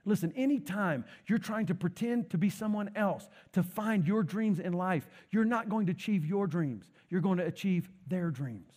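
A man preaching a sermon as a pastor, telling a story with animated repetitions. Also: sits high, moderate pace, hardly any pauses.

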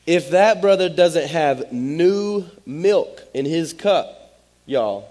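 A man's voice: on the high side, expressive, very slow, a little mellow. A man, preaching a sermon as pastor in a direct, conversational way. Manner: direct, conversational, Southern-tinged "y'all" asides.

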